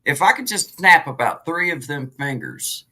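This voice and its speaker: A man co-hosting a casual live stream, rambling and giving shout-outs to viewers. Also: a little high, lively intonation, moderate pace, low-quality recording. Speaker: co-host of a live music and talk stream.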